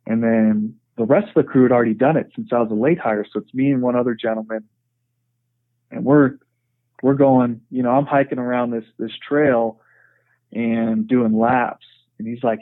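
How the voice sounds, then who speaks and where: A man in the middle of a frank, earnest story, speaking at an ordinary pitch and leaning on "you know" as he goes. The sound is narrow and tinny, like a phone line, and bone-dry with no room around it. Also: steady tone, moderate pace, no echo. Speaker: podcast guest. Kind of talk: conversational storytelling.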